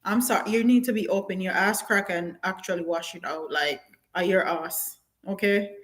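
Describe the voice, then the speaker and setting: A woman talks straight to her live-stream viewers, blunt and animated. She slips into patois phrasing, laughs often, and reads out comments as they come in. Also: mid-range voice, moderate pace, rough recording. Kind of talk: casual live-stream chat.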